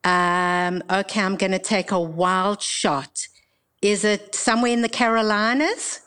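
A woman's voice: medium pitch, steady tone, measured pace, fairly bright tone, smooth. A woman with a South African accent, a podcast guest who laughs easily.

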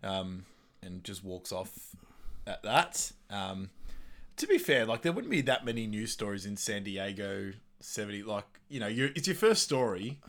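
A man's voice: fairly low pitch, animated, a little slow, a bit bright. A man co-hosting a casual podcast, chatting and laughing as he recaps a film. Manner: chatty, laughs often, acts out film quotes. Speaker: podcast co-host.

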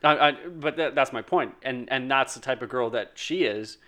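A man co-hosting a relaxed conversation, thinking out loud. His voice sits at a middle pitch. He often restarts his sentences and repeats a word before going on. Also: moderate pace. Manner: reasoning, repeats words as he starts. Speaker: podcast co-host. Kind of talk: casual chat.

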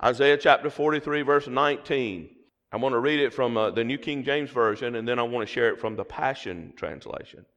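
A middle-aged pastor with a Southern drawl preaches from the pulpit of a church sanctuary, his medium-pitched, fairly bright voice moving at a fairly quick pace. A long church reverb trails his words on a muffled recording, and he keeps prompting the congregation to repeat after him in call-and-response.

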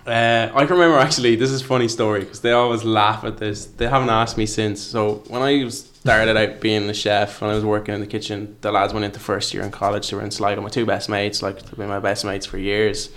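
A man's voice: on the low side, flat delivery, fairly quick, few pauses, fairly bright tone. Chatty man telling stories. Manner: chatty storyteller, laughs often. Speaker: chef. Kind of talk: casual chat.

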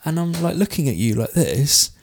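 A man's voice: a little high, very animated, normal speed, vocal fry. A young man co-hosting a podcast in a studio, telling a story in a teasing, mock-aggrieved way. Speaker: podcast co-host. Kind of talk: casual chat.

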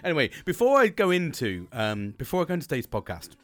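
A man's voice: fairly high pitch, wildly swooping pitch, fast talker, a bit bright. A British man hosting a solo podcast, rambling and upbeat, swearing freely between fillers and restarts. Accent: British English. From Britain. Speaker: podcast host. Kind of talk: casual solo podcast chat.

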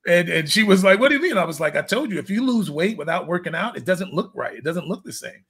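High, husky-voiced male fitness coach. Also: lively intonation, fairly quick, fairly bright tone. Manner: candid, rambling storyteller who laughs at his own jokes. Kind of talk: casual interview chat.

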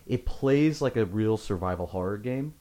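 A man co-hosting a casual gaming podcast, recommending a game with enthusiastic emphasis. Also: normal speed. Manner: enthusiastic reviewer, animated swings in pitch. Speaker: podcast co-host.

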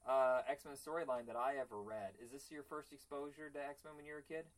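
A man's voice: medium pitch, fairly even intonation, brisk. Chatty male podcast host. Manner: chatty, rambling, laughs easily. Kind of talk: casual podcast chat.

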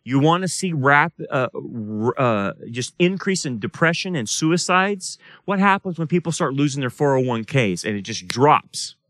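Here a pastor runs a casual Bible study sermon in a church or study room, putting questions to the class and voicing quoted dialogue like a performer. His medium-pitched voice swings widely in pitch, moves at a normal speed with hardly any pauses, and has a slightly bright tone with no room sound.

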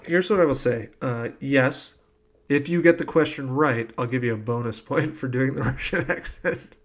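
A man's voice: mid-range voice, normal speed. A man hosting a casual podcast, running a trivia quiz and laughing often as he jokes. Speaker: podcast host.

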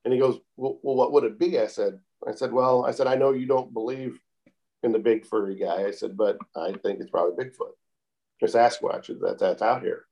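Man, calm storyteller in casual interview, unhurried, mid-pitched, keeps adding "I said.". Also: gravelly. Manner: calm, unhurried, repeats "I said" often. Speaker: interview guest telling a story.

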